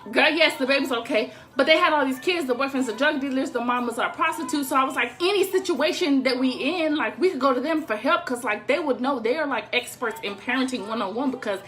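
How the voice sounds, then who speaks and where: A young woman tells a story to her viewers in a high, bright voice. She is animated and profane, with laughing asides. Faint music sits under her voice. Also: quick pace, hardly any pauses. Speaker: storytime vlogger.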